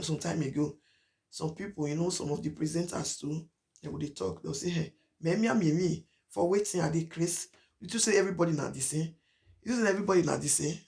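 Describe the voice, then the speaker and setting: Woman, Nigerian accent, casual vlog talk, gravelly voice, emphatic, repeats herself. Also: on the low side, darkish tone. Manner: emphatic and repetitive, mixing Pidgin with English. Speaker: vlogger.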